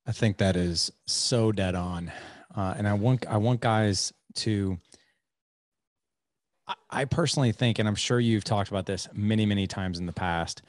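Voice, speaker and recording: A fairly low-pitched man in his forties hosts a podcast in easy conversational chat. He talks in lively bursts, doubling back on words and checking in with "right?" The recording is dry and close, with no room sound. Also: moderate pace, dry recording. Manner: animated, many restarts and "like", "right?". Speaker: podcast host.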